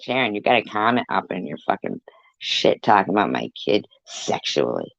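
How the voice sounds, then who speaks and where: Low-voiced guy ranting and taunting at the camera, cussing a lot, muffled dry recording. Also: very animated, gravelly, fairly bright tone, no room sound. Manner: profane, taunting, slow and deliberate. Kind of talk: angry rant to camera.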